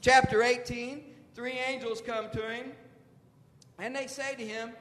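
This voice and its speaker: A man's voice: very high-pitched, level tone, a little slow, a bit bright. A man preaching a sermon, retelling the story in a folksy way and acting out what the figures say. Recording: echoey hall with long reverb and faint noise.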